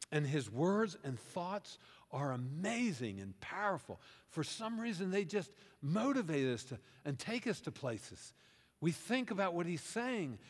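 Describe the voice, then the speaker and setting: With a fairly high, breathy-edged voice, a pastor delivers a sermon in a church sanctuary whose echo fills the recording. He brings a scripture story to life in the first-person plural, drawing his listeners in and questioning them as he goes.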